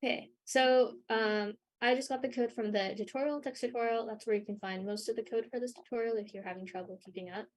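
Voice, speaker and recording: A young woman leading a live coding workshop, talking through her screen with many ums and pauses, her voice a little worn. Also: on the high side, fairly even intonation. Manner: hesitant, many ums and sort ofs. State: losing her voice a bit. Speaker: workshop instructor.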